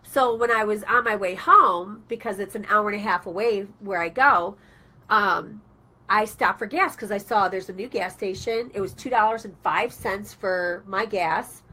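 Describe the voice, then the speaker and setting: Bright, chatty woman radio host. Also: medium pitch, normal speed. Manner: chatty, animated storytelling with acted-out quotes. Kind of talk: casual talk radio chat.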